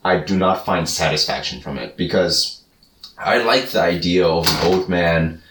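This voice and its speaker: A man co-hosting a podcast, talking in a measured, deliberate way and laughing often. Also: sits low, fairly bright tone, slight background noise. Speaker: podcast co-host. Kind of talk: casual chat. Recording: roomy sound, mic at a distance.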